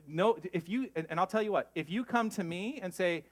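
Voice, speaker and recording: A man preaching a sermon as spiritual leader, earnest and emotional, moving between hushed reflection and lively asides. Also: on the high side, moderate pace. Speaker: pastor.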